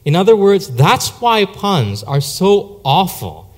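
A man's voice: sits high, very animated, slow. A man preaching a sermon, telling stories in a conversational way with many fillers. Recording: long hall reverb.

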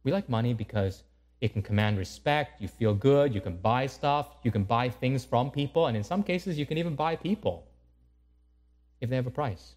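A man's voice: mid-range voice, expressive, moderate pace, darkish tone. A man preaching a conversational sermon full of rhetorical questions.

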